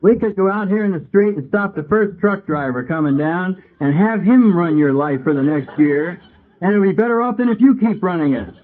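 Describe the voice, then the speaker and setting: A man's voice: high-pitched, expressive, normal speed. A man giving an AA talk, telling his story conversationally and acting out his past conversations. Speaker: AA speaker. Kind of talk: recovery talk to a meeting. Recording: tinny, phone-like old tape recording.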